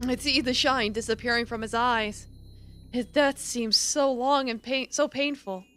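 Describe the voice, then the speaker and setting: A woman's voice: fairly high pitch, fairly even intonation, unhurried, sharp tone, faint music behind. A woman streamer reading a game aloud, dramatic, jumping from narration to shrieks and mock sobs.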